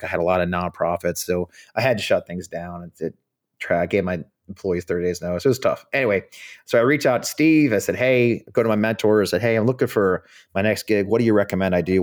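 Fast-talking blunt middle-aged man. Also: deep voice. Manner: fast, blunt anecdotes with swearing and laughter. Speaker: guest. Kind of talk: storytelling in a podcast interview.

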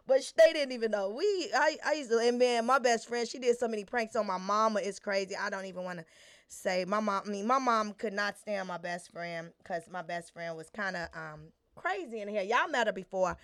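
A woman's voice: mid-range voice, fairly quick. A woman from Chicago co-hosting a casual podcast, telling prank stories with lots of laughter. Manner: laughing, animated storytelling. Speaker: podcast co-host. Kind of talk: casual storytelling chat.

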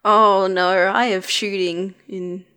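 A woman co-hosting a casual podcast, excitable and quick to giggle. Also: mid-range voice, smooth. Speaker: podcast co-host.

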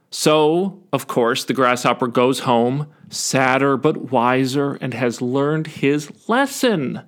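A man's voice: expressive, takes it slowly, few pauses. A man giving a sarcastic, mocking monologue as a vlogger, retelling fables with jokes and laughs. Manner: sarcastic and mocking, with sudden high jumps.

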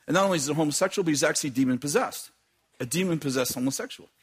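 A man preaching and telling a dramatic personal story, laughing often and shouting at the peaks. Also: on the high side, racing, slight background noise. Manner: animated, laughing, shouting at climaxes. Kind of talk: sermon storytelling.

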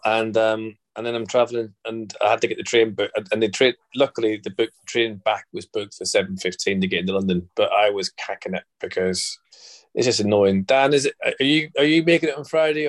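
Chatty Belfast man hosting a podcast. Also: on the low side. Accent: Northern Irish, Belfast. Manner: chatty, rambling, jokey. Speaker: podcast host. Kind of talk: casual podcast chat.

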